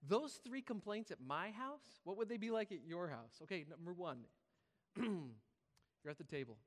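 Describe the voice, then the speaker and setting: A man's voice: sits high, lively intonation, a little slow. A man preaching a humorous sermon as a pastor, joking and acting out voices with laughing asides. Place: large church hall. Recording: reverberant hall.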